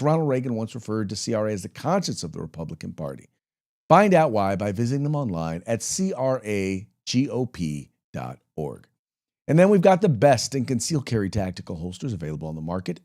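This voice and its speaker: A man hosts a casual political talk show in a fairly low voice. He rambles in a folksy way, full of fillers and restarts. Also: warm tone. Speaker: podcast host.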